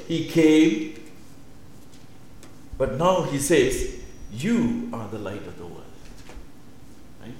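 Man preaching in a very echoey room. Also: mid-range voice. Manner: swings from hushed to loud emphatic, repeats phrases. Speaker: pastor. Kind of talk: sermon.

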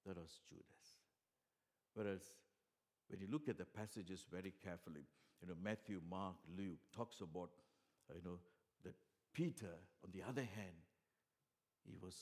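A man delivers a sermon in a somewhat low voice. He talks earnestly, stumbling over restarts and fillers, then swells loudly on the words he wants to stress. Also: normal speed, pauses often. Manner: earnest, many fillers and restarts, swings from soft to loud emphasis. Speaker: preacher.

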